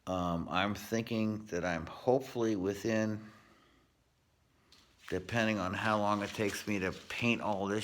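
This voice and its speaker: Deep-voiced man ranting in his garage. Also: fairly bright tone. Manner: profane, rambling, laid-back storytelling. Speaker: vlogger giving a home project update. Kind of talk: casual rant to camera. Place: unfinished home garage.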